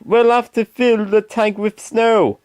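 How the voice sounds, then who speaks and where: Brief: man playing a cheerful, brisk engine driver, storybook. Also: high voice, fairly even intonation, a little mellow, clean tone, no echo, pitched above the performer's own voice. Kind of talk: storybook reading.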